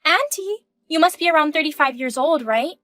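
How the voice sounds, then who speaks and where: Woman voicing a condescending young mistress, high and dry, taunting. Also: expressive, fairly quick, a bit bright, dry recording. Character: smug young woman student, the husband's mistress. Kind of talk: reading a text-message story.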